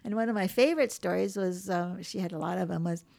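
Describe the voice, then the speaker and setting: A woman author from Hawaii telling lively stories about her mother in a casual interview, acting out the voices of the people in them. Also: fairly low pitch, fast, gravelly. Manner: animated storyteller acting out quoted voices. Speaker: memoir author, guest.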